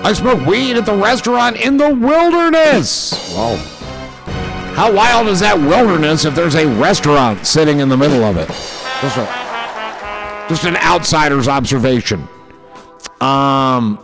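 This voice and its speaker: Gravelly joking man reading chat. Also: on the high side, lively intonation, measured pace, over music. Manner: joking and profane, riffing on chat messages. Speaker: livestream host. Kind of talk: casual chat reading viewer comments aloud.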